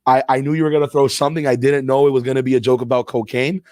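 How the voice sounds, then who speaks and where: A man's voice: medium pitch, flat delivery, racing, darkish tone. A man co-hosting a casual podcast, laid-back and slangy, talking straight to the listeners. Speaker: podcast co-host.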